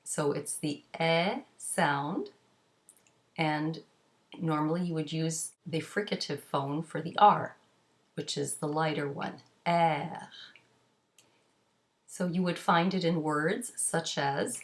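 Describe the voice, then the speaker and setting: Slow, deliberate woman teacher. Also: low-pitched, fairly even intonation. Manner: clear, deliberate articulation, modelling sounds. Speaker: French pronunciation teacher. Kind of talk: slow, careful pronunciation lesson.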